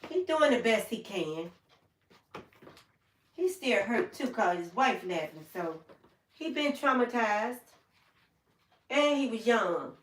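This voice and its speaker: With a slightly high, somewhat bright voice picked up by a distant mic, an older woman hosts a casual live stream from home. The sound is roomy, and she rambles, telling stories and acting out the people in them.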